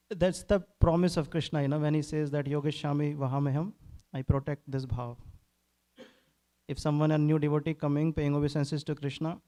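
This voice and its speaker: A man's voice: fairly high pitch, warm tone, rough recording. A man giving a devotional scripture class, telling a story with frequent laughs. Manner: storytelling, laughs between lines.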